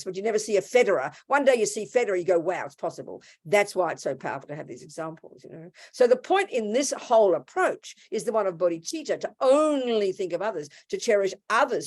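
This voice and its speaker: A woman giving a casual, blunt Buddhist teaching, acting out quoted voices along the way. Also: mid-range voice. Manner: animated, acts out quoted voices; blunt and informal. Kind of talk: casual dharma talk.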